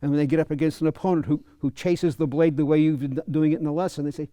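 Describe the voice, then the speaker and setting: A man giving a talk to fellow coaches at a fencing clinic, stopping and repeating words as he works out his points. His voice sits fairly high but sounds mellow and soft-edged. The recording is dry and close. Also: fairly even intonation, no echo. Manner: halting, repeats words, chuckles. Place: fencing center.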